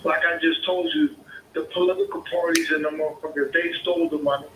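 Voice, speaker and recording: A man's voice: fairly high pitch, level tone, fast talker. A homeowner on a phone call, arguing heatedly and swearing often, repeating his points. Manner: swearing, repetitive, argumentative. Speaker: caller, homeowner. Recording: echoey phone call with faint noise.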